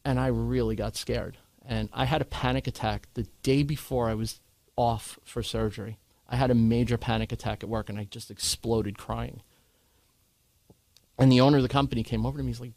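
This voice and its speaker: A man candidly recounting a hard experience in conversation, earnest and animated when he quotes others. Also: mid-range voice, fast, dry recording. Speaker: guest sharing his cancer story.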